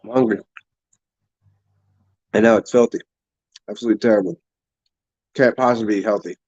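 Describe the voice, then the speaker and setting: A fairly low, steady, darkish voice belongs to this livestream host, who speaks fairly quickly. He rambles and laughs while eating and drinking, often with his mouth full, and the audio is dull.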